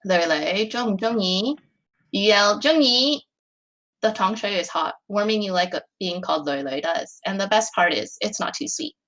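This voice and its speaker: A woman's voice: medium pitch, moderate pace, a bit bright, rough recording. A woman on a voice call reading her own short fan story aloud, chatty, with many fillers and little laughs.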